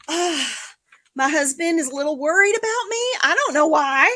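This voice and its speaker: A woman hosting a casual livestream sale from a basement, talking in a mock-calm, sarcastic way with sighs and throat-clearing. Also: very high voice, dry recording. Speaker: livestream seller and host. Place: home basement room.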